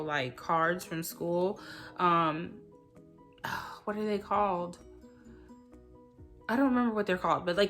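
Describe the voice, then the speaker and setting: A woman telling a casual storytime vlog about her son. She rambles animatedly, and nearly every phrase is filled with "like.". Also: fairly low pitch. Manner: rambling, heavy use of "like", animated retelling. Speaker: vlogger, mother.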